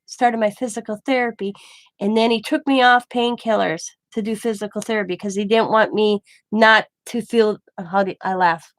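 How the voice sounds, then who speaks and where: A middle-aged woman at a medium pitch tells a long personal story in a casual, rambling way and acts out each exchange in the dialogue. She is recorded close to the mic in a dry space with no room echo. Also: normal speed. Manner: rambling, animated retelling with quoted dialogue. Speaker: craft channel host.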